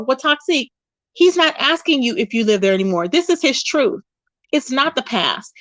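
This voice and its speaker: Woman doing casual commentary, aave, talks right to chat, kinda high voice, real dry. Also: moderate pace, dry recording, low-quality recording. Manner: animated retelling, quotes others in raised voice, addresses viewers directly. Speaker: commentary channel host.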